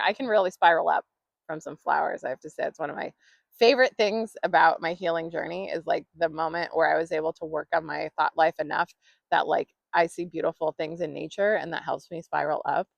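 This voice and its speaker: Gravelly chatty woman podcaster. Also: deep voice, steady tone, fairly quick, no echo, highs cut off. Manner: chatty, rambling, many fillers and laughs. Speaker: podcast host. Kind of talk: casual solo podcast monologue.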